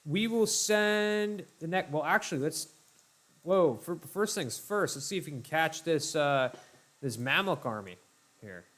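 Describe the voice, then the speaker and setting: A young man casually commentating his own strategy game playthrough for viewers, chatty and laid-back, talking to them as ladies and gentlemen. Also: on the high side, expressive, unhurried. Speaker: let's play host.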